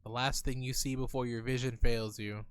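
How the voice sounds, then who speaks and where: A man's voice: medium pitch, level tone, normal speed, clean tone, no room sound. A male streamer reading a text adventure aloud in a theatrical way, with playful asides between passages. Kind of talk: reading a text game aloud while playing.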